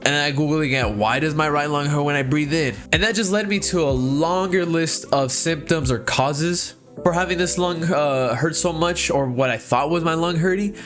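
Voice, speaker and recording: A young man telling a story in a casual vlog, profane, excitable and rambling. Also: fairly high pitch, normal speed, hardly any pauses, soft background music. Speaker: vlogger.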